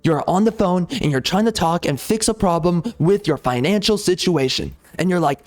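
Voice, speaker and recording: Brief: male gaming host, sarcastic repetitive rant, slightly high pitch. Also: moderate pace, few pauses, faint music behind. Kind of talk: ranting commentary over gameplay.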